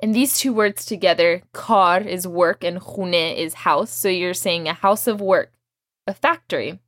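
A woman teaching a language lesson, explaining words patiently and clearly and modeling each one for her student to repeat. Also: on the low side, moderate pace, fairly bright tone, no echo, studio quality.

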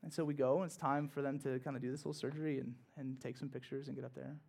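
A male pastor preaching in church, telling a personal story in a conversational way that swings from hushed to loud and emphatic. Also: medium pitch, level tone, quick pace, gravelly, husky. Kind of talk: sermon told as a personal story.

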